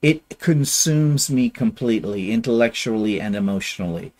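A man's voice: fairly low pitch, darkish tone. A middle-aged man from Canada, co-hosting a casual chat and telling a long rambling story. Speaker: podcast co-host.

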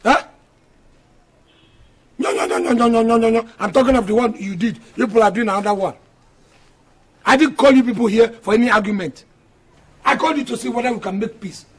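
A man playing a stern, exasperated Nigerian husband who lectures his quarrelling wives. His voice sits high for a man and has a husky edge. He sounds firm and scolding, like a film drama. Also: brisk, long pauses. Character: stern polygamous husband, middle-aged, exasperated.

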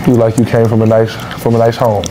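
A man's voice: medium pitch, monotone, quick pace, heavy background noise. A man hosting a street dating show, laid-back and flirty as he banters with contestants outdoors. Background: loud crowd.

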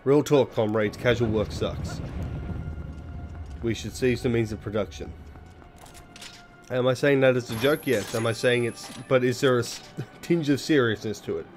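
A man in his young adult years talks through a video game in a loose, rambling way, cracking jokes and swearing freely. His voice sits at an ordinary middle pitch, and soft game music plays faintly beneath him. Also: moderate pace, pauses often. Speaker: let's play host. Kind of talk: casual gameplay commentary.

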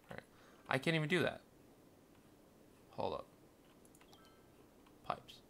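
A young man commentating his city-building game, muttering along and then bursting into panicked, cursing shouts. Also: on the high side, sing-song, takes it slowly, gravelly, slight background noise. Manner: swings from mumbling to panicked yelling, swears constantly. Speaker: gameplay streamer. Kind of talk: casual let's-play commentary.

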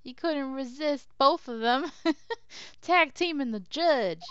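A woman's voice: sits high, takes it slowly, highs cut off. A woman commenting playfully on a video game as she plays, joking and reacting. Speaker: let's player. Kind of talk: casual game commentary with voiced dialogue.

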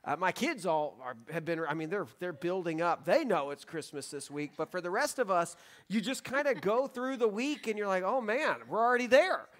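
A man's voice: sits high, lively intonation, normal speed. A man in his thirties, a pastor leading a church service in a sanctuary, talking casually and joking with the congregation. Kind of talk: sermon.

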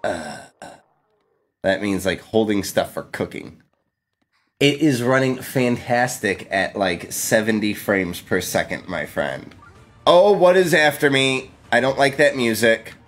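A man's voice: fairly low pitch, animated, unhurried, faint music behind. A man streaming a video game live, playful and exclaiming, laughing often and thanking his chat. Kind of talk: live gameplay commentary.

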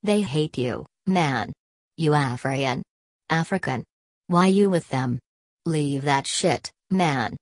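A woman's voice: deep voice, animated, takes it slowly, no room sound, heavily acted. A woman reading the lines of a stocky, fiery male street agitator who rants and pleads in clipped dialect. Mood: raging, pleading. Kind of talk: audiobook character voice.

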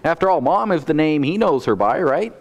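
A man's voice: fairly high pitch, lively intonation, brisk, in a large hall. A man preaching a sermon as pastor, earnest and often repeating a word as he starts a phrase.

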